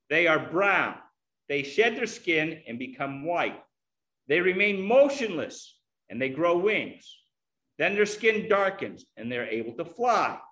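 Bright-voiced man preaching a sermon. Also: sits high. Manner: earnest, teaching.

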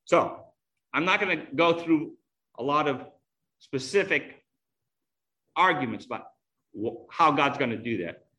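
A man's voice: a little high, animated, unhurried, long pauses, pushed and bright. A man preaching a sermon earnestly, teaching with illustrations.

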